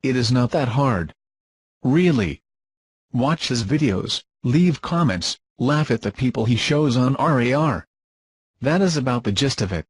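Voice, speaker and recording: Husky, dry-voiced scornful man. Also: medium pitch, animated, a little slow, dry recording. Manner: scornful, dismissive, formal wording. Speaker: commentator being rebutted. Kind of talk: scripted insult commentary.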